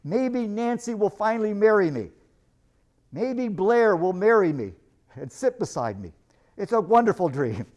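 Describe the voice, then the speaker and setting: A man's voice: high voice, big pitch swings, unhurried, a little mellow, voice pushed up. Man reading a dreamy, hopeful sailor. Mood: wistful.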